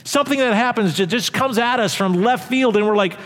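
A man's voice: very high-pitched, fairly quick. A male pastor delivering an emphatic, conversational sermon in a church hall with long reverb. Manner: animated, emphatic, conversational preaching.

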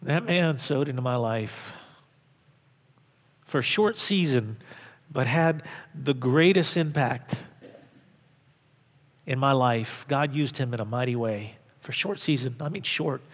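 A man's voice: medium pitch, slow pace, long pauses, long reverb tail. A male pastor preaching a sermon, earnest and emphatic, repeating phrases for stress. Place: church sanctuary.

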